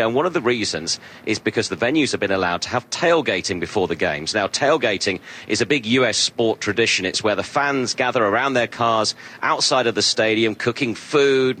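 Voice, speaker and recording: A man presenting a radio sports programme, thanking guests and introducing a report in a measured, polished way. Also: medium pitch, pushed and bright. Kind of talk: scripted news presenting.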